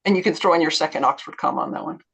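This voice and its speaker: A woman's voice: low voice, rapid-fire, fairly bright tone, slightly rough. A woman board member in a virtual meeting, speaking on procedure with light humor.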